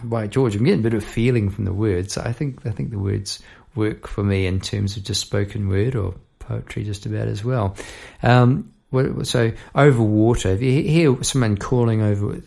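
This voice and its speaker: A man's voice: fairly low pitch, vocal fry, darkish tone. A man hosting a solo podcast, musing aloud about song lyrics in a rambling, thinking-aloud way. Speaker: podcast host. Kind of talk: reflective solo talk on songwriting.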